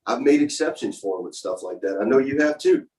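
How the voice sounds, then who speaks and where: A man's voice: mid-range voice, animated, brisk, a little mellow, rough recording. A man hosting a conversational show, speaking reflectively and searching for his words as he talks. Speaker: host. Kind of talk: casual conversation.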